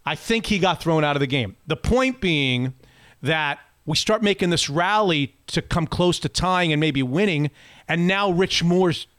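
A man's voice: fairly high pitch, expressive, unhurried, fairly bright tone, dry recording, studio quality. A man co-hosting a podcast, telling a long story in casual chat and often restarting his sentences. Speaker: podcast co-host.

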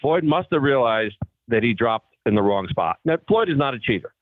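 A man's voice: medium pitch, normal speed, dry recording. A man on a phone line, casually telling old tour stories and acting out the voices of the people in them. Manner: animated storyteller acting out quoted voices. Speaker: guest golfer. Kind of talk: casual storytelling.

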